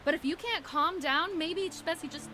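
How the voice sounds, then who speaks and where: A woman's voice: very high voice, moderate pace, noisy background. A woman voicing a selfish cartoon object who talks in a coaxing, dismissive way. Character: smooth-talking, selfish cartoon object leader. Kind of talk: cartoon voice acting. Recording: cartoon clip over music.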